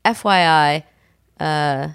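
A woman's voice: deep voice, slow pace, creaky, fairly bright tone, smooth, dry recording, studio quality. A woman co-hosting a podcast, chatting casually with a teasing edge and reading listener emails. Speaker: podcast co-host. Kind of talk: casual banter.

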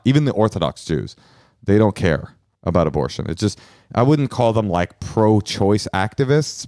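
Male podcast co-host, low pitched and lively, comedic banter. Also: no echo, studio quality. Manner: animated, jokey, trails off and restarts. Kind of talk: casual comedic chat.

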